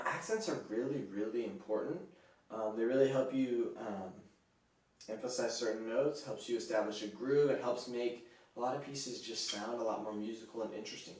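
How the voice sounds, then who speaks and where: A man teaching snare drum in a relaxed, casual way, counting beats aloud with frequent fillers. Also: lowish voice. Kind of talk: casual instructional talk. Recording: echoey room, distant from the mic.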